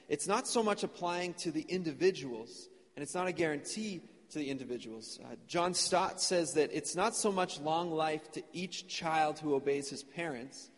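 A man preaching a sermon as pastor, earnest and conversational, in a church sanctuary. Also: a little high. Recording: long church reverb.

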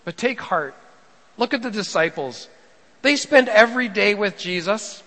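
A male pastor preaching a sermon, swinging between hushed lines and raised emphatic ones as he acts out scripture. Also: high-pitched, animated, a little slow. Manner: rising and falling preaching delivery, quotes scripture dramatically. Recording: long reverb of a large hall.

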